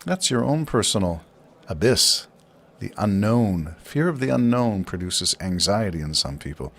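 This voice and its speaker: A man with a lowish voice hosts his own podcast and talks alone in a loose, rambling way. He muses aloud and keeps putting questions to himself before answering them. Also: very animated, a little slow, a bit bright. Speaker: podcast host. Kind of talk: casual solo talk.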